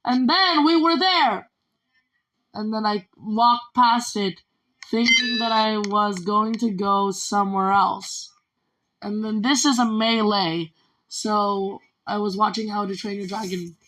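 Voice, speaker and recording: A woman's voice: mid-range voice, slow pace, a bit bright, low-quality recording. A woman telling a rambling personal story in a vlog, chaining each event with "and then". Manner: strings events together with repeated "and then". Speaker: vlogger.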